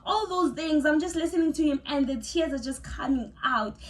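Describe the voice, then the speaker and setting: Young South African woman, high-pitched, casual storyteller, emotional and exclamatory. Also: animated, normal speed. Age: young adult. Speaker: vlogger.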